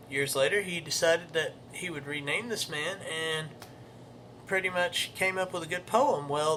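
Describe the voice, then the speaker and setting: A man's voice: a little high, pushed and bright, a little hiss or hum. A young man hosting his own show, talking in a rambling, self-correcting way and reading verse aloud. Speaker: show host. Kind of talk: casual monologue with poetry recitation.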